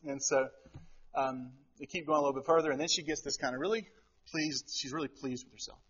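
A middle-aged man preaching a sermon as pastor, telling a family story with animated, acted-out quotes. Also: a little high, fairly quick, slightly rough, dull audio.

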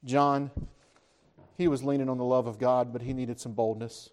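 Against background noise, a man preaches at a moderate pace, telling scripture as a story in an animated, conversational manner. He asks the listeners questions and raises his pitch to speak as the disciples.

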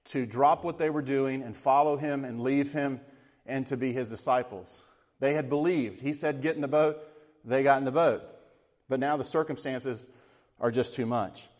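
A man preaching a sermon with a voice of middling pitch. He talks in an earnest, reflective way and sometimes sinks to a hushed tone. The voice rings with the long reverb of a large hall. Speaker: pastor.

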